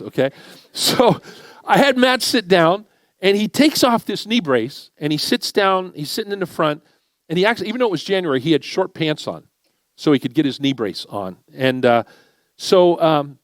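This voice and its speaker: Middle-aged male guest preacher, fairly high voice, dry close sound, storytelling sermon with acted-out dialogue. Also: no echo. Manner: animated, conversational, acts out dialogue. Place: church sanctuary.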